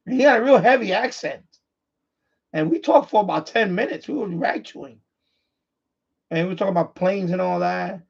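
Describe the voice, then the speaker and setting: Man, radio stream host, casual rambling chat, husky, muffled lo-fi sound. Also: high-pitched, moderate pace, pauses often. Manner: repetitive, restarts sentences often. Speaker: livestream host, amateur radio operator.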